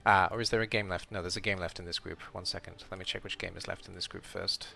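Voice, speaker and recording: A man's voice: low-pitched, steady tone, fast talker, vocal fry, pushed and bright. A man streaming a casual round-up of his game league as host, rambling and correcting himself as he thinks aloud.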